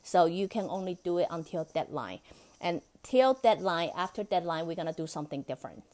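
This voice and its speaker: Soft-spoken woman coaching with lower voice. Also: expressive, brisk. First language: not English. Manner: gentle coaching, acts out inner dialogue, laughs often. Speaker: spiritual coach. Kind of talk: podcast monologue. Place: Vancouver.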